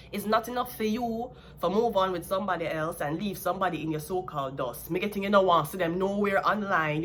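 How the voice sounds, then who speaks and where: A woman's voice: on the low side, fairly bright tone, a little hiss or hum. A woman with a Jamaican accent giving a blunt, sassy, casual tarot reading. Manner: blunt, sassy, laughs at her own jabs. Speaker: tarot reader.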